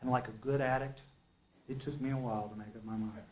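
A man giving a personal testimony at a recovery meeting, an emphatic storyteller who swings between loud outbursts and hushed asides. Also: mid-range voice, fairly even intonation, fast, muffled recording.

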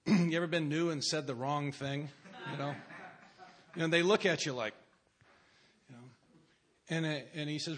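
A man with a fairly high-pitched voice tells a personal story to a recovery meeting. He is wry and pokes fun at himself as he speaks. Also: unhurried, long pauses. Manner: wry, self-mocking storyteller.

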